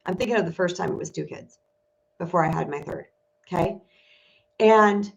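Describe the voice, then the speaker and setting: A woman's voice: mid-range voice, animated, moderate pace, vocal fry. A woman life coach speaking to her viewers in a candid, emotional, confessional way, like a casual livestream. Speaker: spiritual empowerment coach. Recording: dull lo-fi stream audio.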